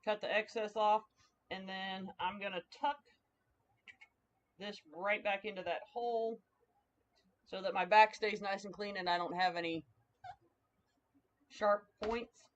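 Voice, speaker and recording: A woman's voice: mid-range voice, fairly even intonation, unhurried, long pauses, slight background noise. A woman with a twangy Southern US accent, chatting casually with viewers while making a craft on a livestream. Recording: slightly dull lo-fi livestream audio.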